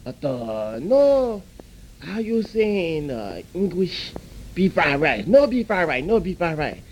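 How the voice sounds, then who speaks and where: A man voicing a stubborn, rude male restaurant worker who talks in halting broken English. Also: sits high, sing-song, darkish tone, slight background noise. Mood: flustered.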